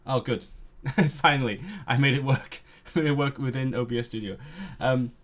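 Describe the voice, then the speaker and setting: A man's voice: mid-range voice, normal speed, fairly bright tone. A man live-streaming his language study, thinking aloud and sounding out words, correcting himself as he goes. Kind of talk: casual live stream talk.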